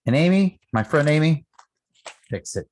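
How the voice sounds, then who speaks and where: A man's voice: fairly high pitch, animated, normal speed, darkish tone. A man co-hosting a radio show, teasing his co-host in loose, joking banter.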